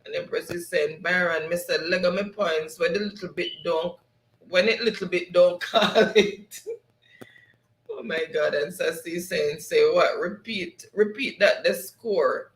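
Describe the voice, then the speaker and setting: A man's voice: sits high, measured pace, fairly bright tone, roomy sound, poor audio. A man with a Jamaican accent hosting a live stream, reading viewer comments aloud and laughing often. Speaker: show host.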